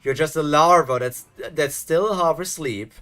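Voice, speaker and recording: A gloating, mocking villain. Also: male voice, a little high, unhurried, fairly bright tone. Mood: taunting. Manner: mocking, taunting, sing-song laughter. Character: gloating male villain who toys with captives. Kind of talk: animated series dub.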